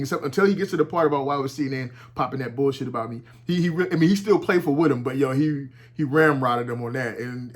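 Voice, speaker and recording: A man giving casual, animated commentary at home, talking with heavy profanity and frequent restarts. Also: mid-range voice. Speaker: commentary vlogger. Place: at home with his dog nearby.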